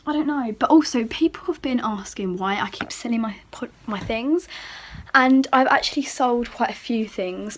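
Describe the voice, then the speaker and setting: A woman's voice: on the high side, a little hiss or hum. A teenage girl, chatting casually in a beauty vlog at home, rambling and joking at herself. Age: teens. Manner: chatty, rambling, self-mocking. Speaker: beauty vlogger.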